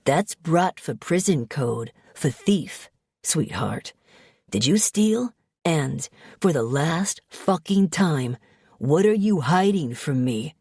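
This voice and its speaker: A woman reading an audiobook, voicing a brooding male mafia man from New Jersey who talks in a low, drawling, menacing way. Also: expressive, takes it slowly, warm tone, husky, dry recording, studio quality, heavily acted. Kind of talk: audiobook character voice.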